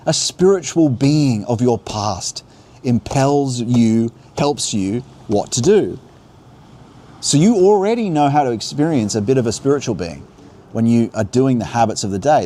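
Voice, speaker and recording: A man's voice: medium pitch, dark tone. A man giving an earnest, unscripted spiritual talk on a livestream outdoors by a river, musing and restarting his thoughts as he goes. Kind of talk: unscripted religious teaching on a livestream. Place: outdoors beside river rapids. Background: faint rushing water.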